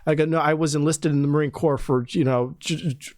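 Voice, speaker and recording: A man's voice: a little high, steady tone, fairly quick, a little mellow, no room sound. Male podcast host, indignant and profane storyteller, dry bedroom-studio sound. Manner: exasperated, swearing, often breaks into disbelieving laughter. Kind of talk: casual podcast chat.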